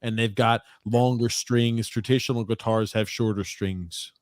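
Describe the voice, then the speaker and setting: A man's voice: medium pitch, steady tone, unhurried, no echo, studio quality. A young man hosting a casual sports chat, joking and bantering with his father and brother. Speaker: podcast host.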